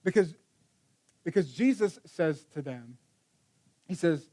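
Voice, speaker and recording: A man's voice: on the high side, expressive, slow, long pauses, warm tone. A man preaching a sermon in a casual storytelling way, acting out the quotes with many restarts. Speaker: pastor.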